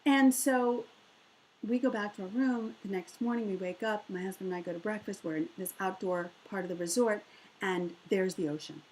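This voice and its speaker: A middle-aged woman, a motivational speaker, telling a personal story in an animated way and acting out the voices of the people in it. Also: moderate pace, slight background noise, poor audio. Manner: animated, acts out quoted voices with big pitch jumps.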